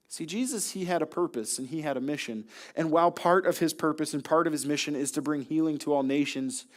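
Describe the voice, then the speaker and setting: Young man, pastor, sermon, high voice, animated storytelling. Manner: animated storytelling, acting out voices of Jesus and listeners.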